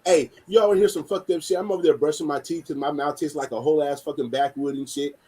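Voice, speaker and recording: A man telling an animated, profane story in a casual chat, recorded on a distant mic with background noise. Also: a little high, quick pace, husky.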